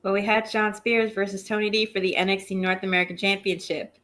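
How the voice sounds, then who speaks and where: A woman's voice: medium pitch, flat delivery, fast talker, fairly bright tone. A woman co-hosting a wrestling review show, recapping in an offhand, breezy way.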